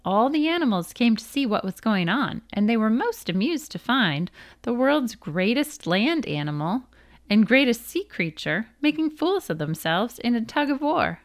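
A woman narrating a folk tale as a storybook read-aloud, with a lively, expressive delivery. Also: on the high side, normal speed.

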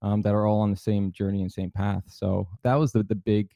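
A man's voice: fairly low pitch, little pitch movement, brisk, creaky, dark tone, no echo. A man hosting a podcast in a casual, easygoing way, with lots of fillers and restarts. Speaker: podcast host.

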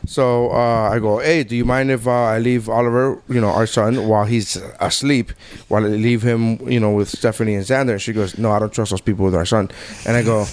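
A man in his thirties hosting a casual podcast. His voice sits at an ordinary middle pitch. He rambles through anecdotes and slips into quoted voices as he goes. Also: fairly even intonation, fairly quick, a little mellow, smooth, no room sound. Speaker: podcast host. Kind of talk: casual chat.

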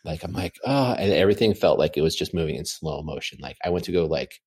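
A man chatting casually from home, telling an animated, rambling story full of fillers. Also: rumbling low, fast talker, husky. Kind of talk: casual chat.

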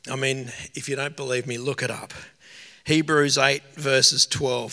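A male preacher delivering a heartfelt sermon, voice bright and edged with gravelly fry. He talks earnestly and gets emotional, dwelling slowly on key words as his voice rings through a hall with long reverb. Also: mid-range voice, steady tone. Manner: earnest, emotional, slow emphatic phrasing.

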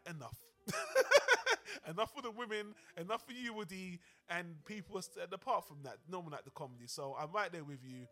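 A man's voice: a little high, fairly bright tone. A man co-hosting a film podcast, talking casually and animatedly, swearing freely and acting out lines from the movie. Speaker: podcast co-host.

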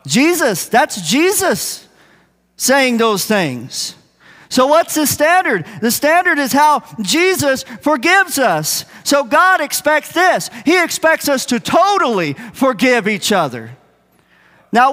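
A man's voice: very high voice, a bit bright. A man preaching a sermon, earnest and emphatic, repeating his key points. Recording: long reverb of a hall.

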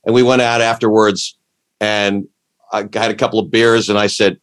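A man with a lowish voice chatting casually. He rambles and restarts his sentences, warmly enthusiastic as he goes. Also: steady tone, normal speed. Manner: rambling, self-interrupting, enthusiastic. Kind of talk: casual chat.

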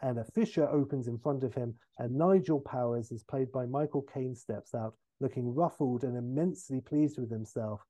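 A man, telling a comic film pitch as a podcast host and acting out each scene. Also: dark tone, no echo. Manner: narrates briskly and jumps into silly voices for characters.

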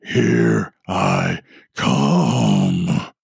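A man voicing a demonic spirit that switches between a little girl's voice and a deep growling demon, slow and mocking. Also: lively intonation, creaky, husky, no room sound, studio quality, full character voice. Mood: taunting. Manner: taunting, mocking, slow and drawn out.

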